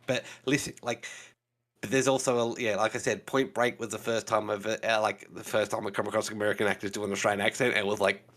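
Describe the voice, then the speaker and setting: A man's voice: on the low side, flat delivery, fast talker, fairly bright tone. A man co-hosting a casual podcast chat, explaining things at length and leaning on fillers like "you know". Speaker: co-host.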